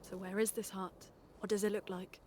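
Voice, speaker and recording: A woman's voice: medium pitch, flat delivery, brisk, darkish tone, slight background noise, close to an everyday voice. An actress voicing a curious young woman on an expedition in a video game, asking questions.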